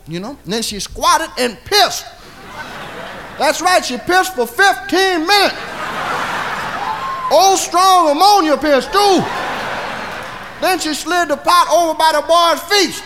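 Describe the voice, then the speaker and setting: This male comedian has an extremely high, bright, forceful voice. He drawls through bawdy stand-up tales, tagging lines with "see?", on a live comedy record with laughter and crowd noise.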